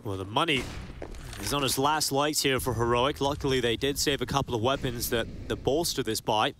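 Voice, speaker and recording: A man's voice: brisk, slight background noise. Man calling esports play-by-play. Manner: climbs into excited high-pitched calls on big plays. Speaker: esports commentator. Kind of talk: play-by-play commentary.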